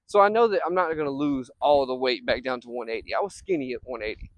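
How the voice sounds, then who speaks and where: This young software company owner vlogs outdoors in a field, talking fast in a mid-range voice with hardly any pauses. His casual monologue rambles and is interrupted at times when he calls his dog, and the sound quality is poor, with no room sound.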